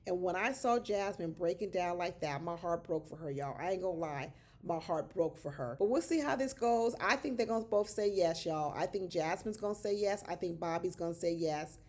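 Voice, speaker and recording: A woman giving casual, animated commentary on a reality show, exclaiming and talking straight to her viewers as y'all. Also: on the low side, normal speed, hardly any pauses.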